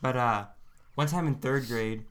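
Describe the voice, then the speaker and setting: A man's voice: medium pitch, a little slow, a bit bright. A man co-hosting a casual podcast, telling rambling stories full of fillers and restarts. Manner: rambling, filler-heavy storytelling. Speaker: podcast co-host. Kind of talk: casual chat.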